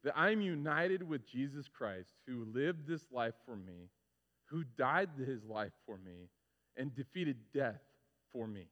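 A male pastor preaching a sermon, telling stories with lively, animated delivery and acting out his own frustrations. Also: medium pitch, measured pace. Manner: animated storytelling, acts out his own complaints. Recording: muffled sound with long hall reverb.

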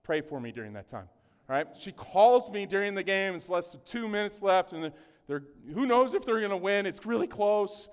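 A man's voice: high voice, lively intonation, normal speed, clear, resonant tone. A man preaching a casual, joking sermon, often asking the congregation questions. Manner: chatty, jokey, often asks the congregation questions. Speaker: pastor. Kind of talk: conversational sermon. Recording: long hall reverb.

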